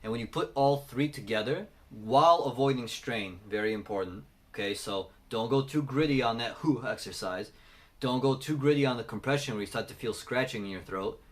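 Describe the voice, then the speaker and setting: A man teaching singing, talking through techniques and breaking into loud sung demonstrations. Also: medium pitch, fairly quick. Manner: explains then belts sung examples. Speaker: vocal coach.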